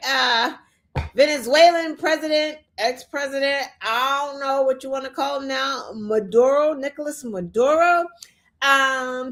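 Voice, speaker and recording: A woman's voice: sits high, a bit bright. A woman hosting a show, ranting in an exasperated way, full of rhetorical questions and "like" and "right?". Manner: fillers like "like" and "right?". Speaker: show host. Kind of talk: opinion rant.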